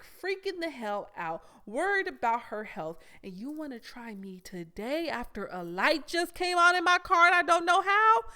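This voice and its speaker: A young adult woman, hosting a podcast and telling a story in a blunt, animated way with plenty of swearing. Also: fairly high pitch. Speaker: podcast host. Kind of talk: casual storytelling monologue.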